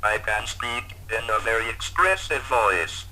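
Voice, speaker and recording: A man's voice: on the low side, expressive, a little slow, pushed and bright, a little hiss or hum, exaggerated voice, rough recording. A vintage speech synthesizer speaking in a male voice. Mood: flat synthetic. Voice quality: robotic, synthetic.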